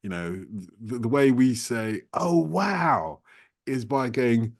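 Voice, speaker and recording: A man's voice: mid-range voice, a little slow, darkish tone. A male podcast host with a mid-range voice, talking casually and playfully with his guest. He jokes around and laughs easily. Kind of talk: podcast conversation.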